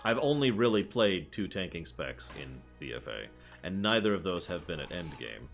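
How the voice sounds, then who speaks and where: A man's voice: sits low, sing-song, normal speed, creaky, soft background music. A man streaming a video game, chatting casually and answering his chat as he plays. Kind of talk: casual gameplay commentary.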